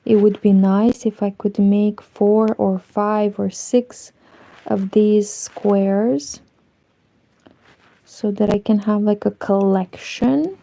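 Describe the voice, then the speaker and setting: A woman's voice: medium pitch, fairly even intonation, slow, creaky, mellow, rough recording. A woman from Moldova, chatting casually on a crochet livestream and greeting viewers as she works.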